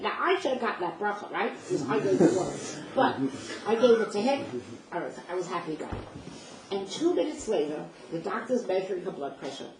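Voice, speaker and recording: A woman's voice: medium pitch, lively intonation, brisk. Older woman telling a story in a roomy space. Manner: vivid, emotional retelling with reenacted dialogue. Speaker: speaker sharing personal memories. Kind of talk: first-person storytelling. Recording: roomy distant mic with faint noise.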